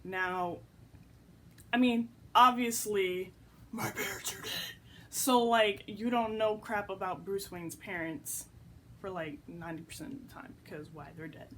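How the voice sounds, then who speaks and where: A woman's voice: medium pitch, fairly bright tone, a little hiss or hum. Blunt, filler-heavy young woman vlogger. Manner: blunt, frequent "like" fillers, casual swearing. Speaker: movie reviewer. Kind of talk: casual vlog review.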